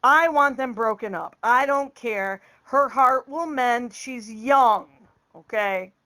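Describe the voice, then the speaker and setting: A woman's voice: a little high, takes it slowly, pushed and bright. A middle-aged woman vlogging, telling a story in a blunt, exasperated, outspoken way. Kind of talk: casual storytelling vlog.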